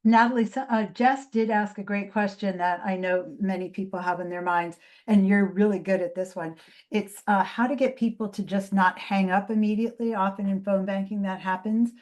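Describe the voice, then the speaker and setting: A woman co-host speaks over a video call in a friendly, relaxed way and passes along a participant's question. Her voice sits in a middle pitch, and her delivery has small hesitations. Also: moderate pace. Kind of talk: online training session.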